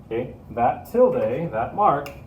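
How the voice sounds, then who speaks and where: A man's voice: medium pitch, sing-song, slow, recorded from a distance, lo-fi sound, slight background noise. Patient male teacher in an echoey room. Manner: patient, repeats key points. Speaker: Spanish teacher. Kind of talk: classroom lesson to students.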